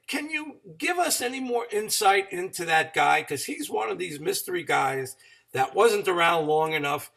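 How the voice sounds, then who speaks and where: Man, host, bright tense tone, fairly high pitch, encouraging questions, slightly off-mic. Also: animated, normal speed, vocal fry, distant mic. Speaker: podcast host. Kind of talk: interviewing.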